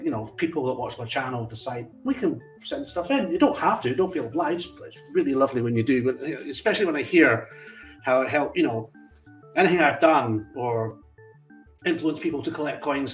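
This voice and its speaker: A Scottish man chatting casually in a vlog as he opens his fan mail, with frequent warm exclamations and asides to his cat. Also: medium pitch, distant mic. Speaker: coin collecting channel host. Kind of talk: casual vlog chat while opening mail.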